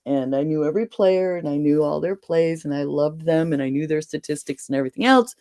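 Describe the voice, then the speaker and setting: Middle-aged New England woman, chatty host, animated storyteller, dry close sound. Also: sits low, fairly quick, no room sound. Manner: chatty, animated storyteller who laughs often. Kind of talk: casual chat.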